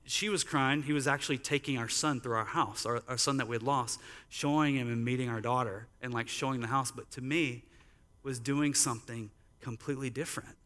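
Bright-voiced man preaching in a church. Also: mid-range voice, fairly even intonation, brisk, in a large hall. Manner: conversational storytelling, many "like" fillers. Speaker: pastor. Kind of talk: sermon. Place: church sanctuary.

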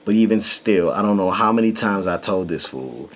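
A man's voice: low-pitched, normal speed, slight background noise. A man in his thirties co-hosting a podcast, telling a family story in casual chat and acting out the quotes. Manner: animated storyteller, acts out quotes. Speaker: podcast co-host.

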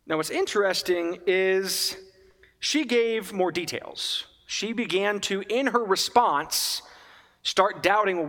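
A man giving a conversational homily as a priest, animated and often asking his listeners questions. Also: sits high, takes it slowly, in a large hall.

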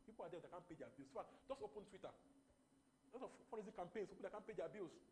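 A man preaching a sermon, emphatic and repetitive, rising into loud animated bursts. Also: sits high, fast, slight background noise.

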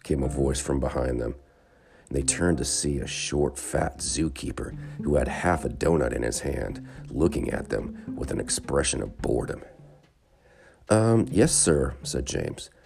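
Calm male narrator for a kids' story, warm and deep. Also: moderate pace, creaky. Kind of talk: scripted children's story narration.

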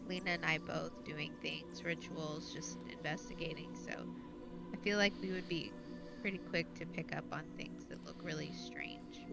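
A woman playing a tabletop game, thinking out loud in a chatty, casual way. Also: deep voice, fairly even intonation, normal speed, creaky, over music. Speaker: player.

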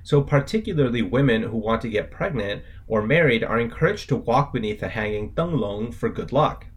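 A man's voice: medium pitch, animated, moderate pace, slightly rough. A man co-hosting a scripted language lesson, spelling out words letter by letter with their tones in a casual, upbeat way.

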